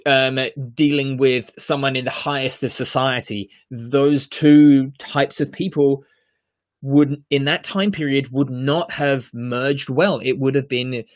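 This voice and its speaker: A man's voice: mid-range voice, fairly even intonation, slow. A man co-hosting a podcast, reviewing a TV series in casual chat, earnest and emphatic, with frequent fillers and restarts.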